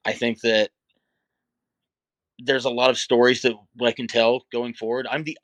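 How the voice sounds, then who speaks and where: Middle-aged guy chatting candid and thoughtful, bright forceful voice, dry close sound. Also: on the low side, no room sound. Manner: candid, reflective, talks in runs with fillers. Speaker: wrestler guest. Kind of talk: casual interview chat.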